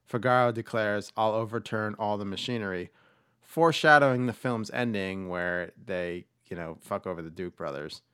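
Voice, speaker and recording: A man's voice: on the low side, normal speed, fairly bright tone, smooth, no room sound, studio quality. A man hosting a podcast, chatting casually and rambling with lots of fillers and restarts. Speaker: podcast host. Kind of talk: casual chat about movies.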